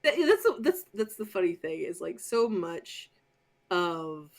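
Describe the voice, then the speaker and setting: A woman's voice: on the low side, big pitch swings, unhurried, vocal fry. A woman co-hosting a podcast who talks passionately and casually as a fan, with lots of fillers and the odd swear word. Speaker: podcast co-host. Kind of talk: casual chat.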